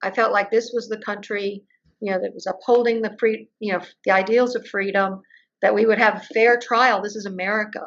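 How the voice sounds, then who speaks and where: An older woman answers as an interview guest with a gravelly texture in her voice. She tells her story and acts out the remarks of the people in it. The audio is muffled and lo-fi. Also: mid-range voice, steady tone, fairly quick, fairly bright tone. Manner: storytelling, acts out quoted exchanges.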